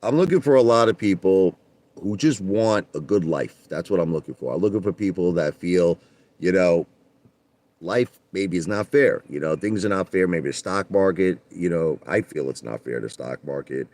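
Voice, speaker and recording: A man's voice: deep voice, moderate pace, a little mellow. A middle-aged man, chatting loosely with his livestream viewers from his car and greeting them by name. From Brooklyn, New York. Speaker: livestream host. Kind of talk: casual livestream chat.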